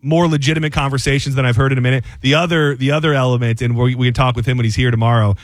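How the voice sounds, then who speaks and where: A man hosting a sports talk radio show, chatting casually with halting restarts. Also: mid-range voice, steady tone, no echo.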